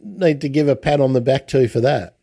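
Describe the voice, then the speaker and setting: A man hosts a casual interview, chatty and quick to restart his sentences. His voice sits in a middle pitch. The sound is dry and close, with no room in it. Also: warm tone, no room sound. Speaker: podcast host.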